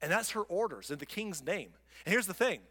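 A man teaching from the Bible in a chatty, animated way, now and then mocking the people in the story. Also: high-pitched, a little fast, big-room sound. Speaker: preacher.

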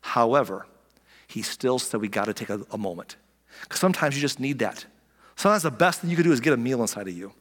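Animated pastor preaching in a reverberant hall. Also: male voice, mid-range voice, quick pace. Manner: animated preaching, acts out voices, drops to soft near-whispers for emphasis. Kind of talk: sermon.

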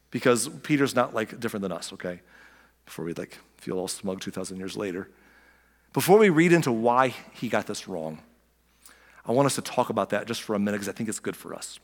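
Animated preacher in a reverberant hall. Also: male voice, mid-range voice. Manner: animated preaching, acts out voices of the story, chuckles often. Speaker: pastor. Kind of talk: sermon.

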